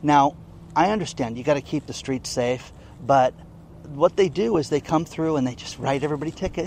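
A man's voice: medium pitch, moderate pace, darkish tone, slight background noise. Indignant man in a news vlog. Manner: indignant, emphatic, keeps asking "okay?". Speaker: online commentator. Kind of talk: casual news commentary vlog.

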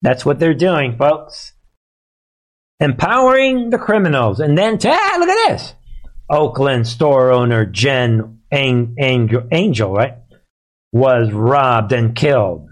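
A man's voice: mid-range voice, big pitch swings, takes it slowly. A man hosting live political commentary, sarcastic and heated, and he often laughs.

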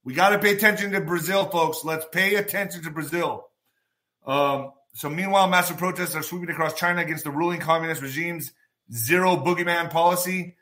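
Bright-voiced excitable male news ranter. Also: a little high. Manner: excitable, sarcastic, laughs at his own jokes. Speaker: political commentary vlogger. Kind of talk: reading and ranting about news.

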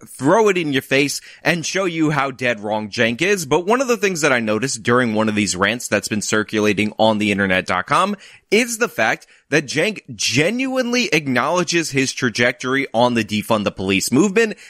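A man's voice: medium pitch, a bit bright, no room sound, studio quality. A man hosting a political commentary vlog, talking in an emphatic, argumentative, explanatory way.

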